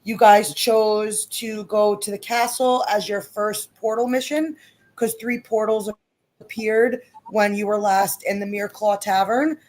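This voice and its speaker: A woman running a tabletop role-playing game, recapping the story for a live stream in a brisk, teasing way. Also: medium pitch, fairly even intonation, darkish tone. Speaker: game master.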